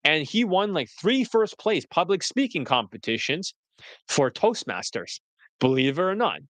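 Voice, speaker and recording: A man with a bright, forceful voice that sits a little high for a man, recorded close and dry. He talks bluntly on a livestream, moving between casual chat and a polished marketer's pitch. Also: very animated, moderate pace, no echo. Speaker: dating coach.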